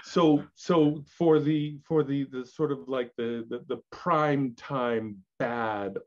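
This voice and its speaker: An older actor telling candid stories as an interview guest, animated and laughing, with many restarts. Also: male voice, mid-range voice, takes it slowly. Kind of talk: candid storytelling chat. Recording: dull lo-fi audio.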